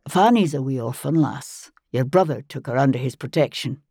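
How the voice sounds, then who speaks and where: A woman reading an audiobook, voicing a wounded Scottish man with a low, gruff, dry, matter-of-fact manner. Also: lively intonation, normal speed, warm tone, no room sound, full character voice. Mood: dry weary. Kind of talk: audiobook narration.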